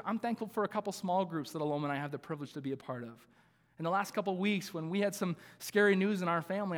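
High-voiced male pastor preaching in a hall. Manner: earnest, building to emphatic repeated calls, with light laughing asides. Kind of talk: sermon.

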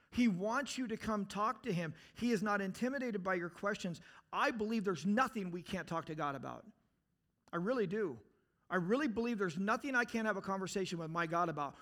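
A man with a high voice preaches a sermon in an earnest, searching tone. He keeps asking the listeners direct questions. He swells into emphatic outbursts and then sinks back to a low, quiet delivery. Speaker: pastor.

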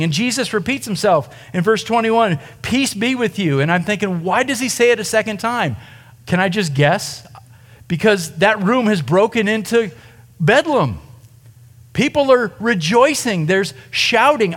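Animated high-voiced male pastor preaching. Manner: conversational, animated, asks the listeners questions. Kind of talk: sermon.

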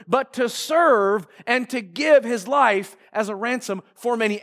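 A male pastor preaching a sermon emphatically, stretching key phrases and rising to shouts. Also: very high voice, a little slow, few pauses.

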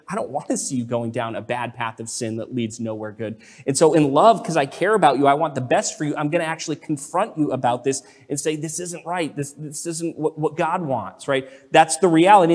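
A man's voice: a little high, big-room sound. A man preaching a sermon as pastor, earnest, often asking "right?" and reading scripture aloud.

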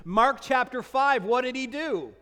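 A man preaching a sermon, animated and acting out the voices of people in scripture passages. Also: very high voice, unhurried, clear, resonant tone, big-room sound. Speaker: pastor.

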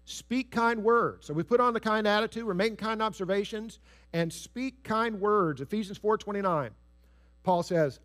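A man preaching a sermon in an earnest, storytelling way, stressing key phrases and dropping soft on others. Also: sits high, moderate pace. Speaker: pastor.

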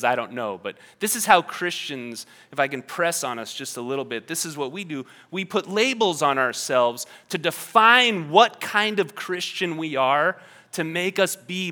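A man's voice: a little high, pushed and bright. A man preaching a sermon in a conversational, emphatic manner, with playful asides to the congregation. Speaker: pastor.

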